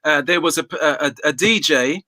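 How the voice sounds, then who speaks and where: A man in his forties with a bright, forceful tone sits as a guest singer in a casual interview. He tells his story in a reflective, unhurried way, repeating words as he gathers his thoughts, and his voice sounds close and dry. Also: on the high side, dry recording. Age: 40s.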